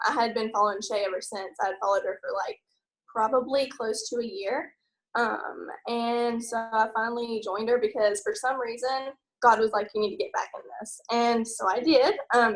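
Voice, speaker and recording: A young Southern woman speaks on a casual group call, her high voice nervous and full of little laughs. She leans on filler words as she tells her story. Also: low-quality recording. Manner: nervous and giggly, many fillers. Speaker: team member sharing her story.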